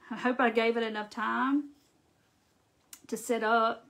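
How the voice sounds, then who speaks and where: Southern woman, folksy live craft demo, bright tone, a bit high. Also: flat delivery, extremely slow, vocal fry. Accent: Southern American. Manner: chatty, folksy, talks straight to viewers. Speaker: craft tutorial host. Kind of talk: live-streamed craft tutorial chat.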